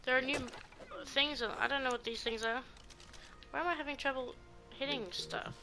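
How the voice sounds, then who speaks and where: A woman streamer chats as she plays a survival game, breaking off to exclaim and ask questions. Her voice is bright and a little high, with faint noise behind it. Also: fairly even intonation, normal speed, faint music behind, low-quality recording. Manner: exclaims and asks questions while playing. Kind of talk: casual game-stream chatter.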